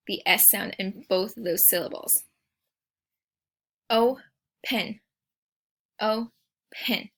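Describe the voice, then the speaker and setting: A woman teacher giving a recorded spelling lesson, speaking patiently and sounding out each word slowly and clearly. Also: on the high side, sharp tone.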